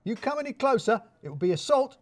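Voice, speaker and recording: A man's voice: a little high, big pitch swings, measured pace, darkish tone, no room sound, pitched above the performer's own voice. A man voicing a pompous male office boss who blusters and turns hysterical. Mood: blustering.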